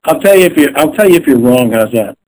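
A man who is a chiropractor, speaking as an interview guest in an animated way and acting out phone scripts. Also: medium pitch, fast, low-quality recording. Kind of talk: conversational interview.

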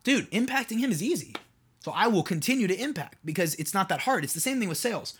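A man's voice: high-pitched, animated, fast, fairly bright tone, breathy edge. A man hosting his own podcast in a casual solo monologue, rambling and asking his listeners rhetorical questions with lots of "like"s. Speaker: podcast host and mentor.

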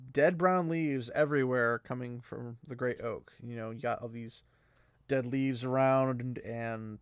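Excited about a fantasy novel, a male podcast host chats away, laughing often and doing voices for the characters. His voice is mid-range and smooth, and the recording is dry.

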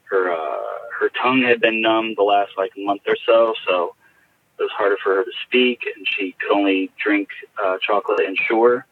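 A man recounting a personal story in a halting, reflective way, heard over a tinny phone line. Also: fairly low pitch, no room sound. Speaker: guest.

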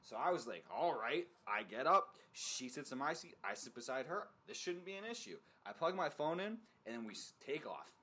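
A man's voice: on the high side, sing-song, moderate pace, hardly any pauses, sharp tone. A young man in casual podcast chat, telling a story with lots of fillers and swearing. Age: young adult. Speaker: podcast co-host.

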